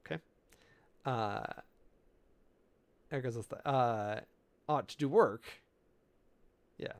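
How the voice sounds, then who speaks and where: Tone clean and pitch medium, this preacher pieces together a sermon in a halting, unpolished way. He stumbles through Greek terms with plenty of fillers and self-corrections, clearly entertained by the finer points.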